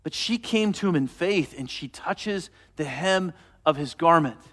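A man preaching a sermon, retelling a story and dropping to a soft, quiet voice for quoted words. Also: fairly high pitch, expressive, measured pace. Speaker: pastor.

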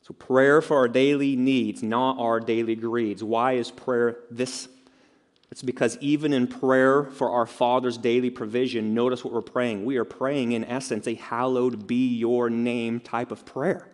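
A man delivers a sermon in an easy, conversational way, tossing in asides and questions to the congregation. His voice sits at an ordinary middle pitch. The sound carries a long reverb, as in a big sanctuary. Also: fairly even intonation, unhurried. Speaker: pastor. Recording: long reverb of a large hall.

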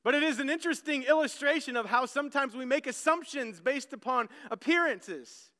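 A man's voice: extremely high pitch, fairly quick, pushed and bright. A man preaching a sermon as pastor, telling stories earnestly and often repeating words as he restarts a phrase. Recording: long church hall reverb.

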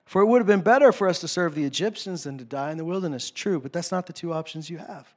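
Preaching fast, a North American pastor moves passionately from hushed asides to shouted commands. When he quotes complaints, he slips into low, mocking voices.

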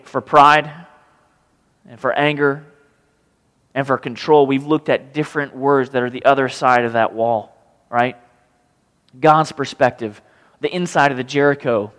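A man's voice: on the high side, big-room sound. A man preaching a sermon, reading scripture and acting out the pleading voices of the people in it. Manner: animated, acts out pleading voices. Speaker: pastor.

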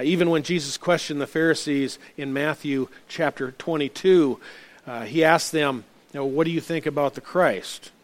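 A man preaching a sermon in an earnest way, often restarting his phrases. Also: a little high. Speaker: pastor.

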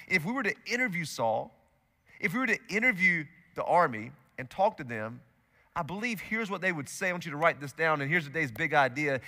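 Bright-voiced pastor preaching in a hall. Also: male voice, sits high. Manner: lively storytelling with acted-out quotes. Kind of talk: sermon. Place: church auditorium.

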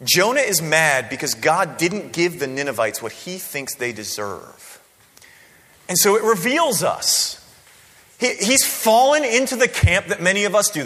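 Animated bright-voiced male preacher. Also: a little high. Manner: conversational, animated, frequent rhetorical "right?". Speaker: pastor. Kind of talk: sermon. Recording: long hall reverb.

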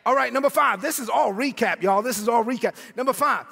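A man preaching an energetic sermon in a church, often shouting and calling on the congregation to repeat his words. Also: very high-pitched, a little fast, vocal fry, husky. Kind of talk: energetic sermon with call-and-response. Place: church sanctuary. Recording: long hall reverb with faint music.

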